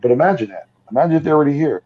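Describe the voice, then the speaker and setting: A man's voice: on the high side, animated, very fast. A man in a casual podcast chat, musing about ideas. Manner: speculative, musing. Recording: dull lo-fi sound.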